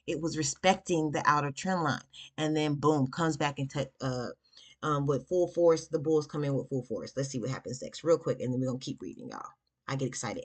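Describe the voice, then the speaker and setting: Excitable young woman teaching chart reading. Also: low voice, brisk, slightly rough. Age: young adult. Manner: chatty, slangy, bursts of excitement. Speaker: forex trader teaching backtesting. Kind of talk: casual screen-share trading lesson.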